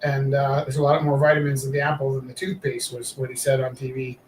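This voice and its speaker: A man's voice: medium pitch, level tone, fairly quick. A man chatting casually while he draws, rambling with many fillers. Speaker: live-streaming artist. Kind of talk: casual chat while drawing. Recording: echoey room, mic far off, faint noise.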